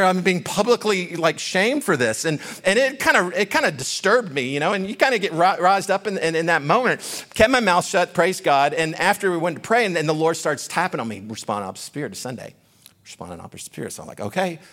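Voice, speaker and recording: A man preaching as a guest speaker, telling a personal story in a conversational, halting way with many fillers and restarts. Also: sits high, pushed and bright. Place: church sanctuary.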